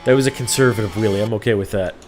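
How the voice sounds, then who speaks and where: Low-voiced sarcastic co-commentator man. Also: racing, a little hiss or hum. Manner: dry, sarcastic, excitable on big moments. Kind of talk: esports race commentary.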